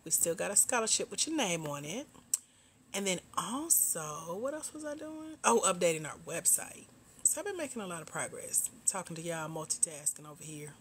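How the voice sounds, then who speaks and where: A woman's voice: lowish voice, very animated, moderate pace, fairly bright tone, slight background noise. A middle-aged woman from Georgia, hosting a casual livestream chat with viewers. She laughs often and calls her viewers "girl" and "y'all.". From Georgia, US South. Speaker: host.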